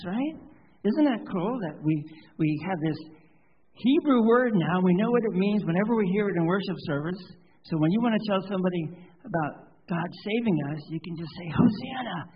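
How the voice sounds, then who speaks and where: A man with a fairly high, slightly husky voice leads worship as pastor, reading prayers in a measured cadence and then chatting in a lively way with the children up front. The sound comes through a dull, muffled church livestream. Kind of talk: church service liturgy and children's message. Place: church sanctuary.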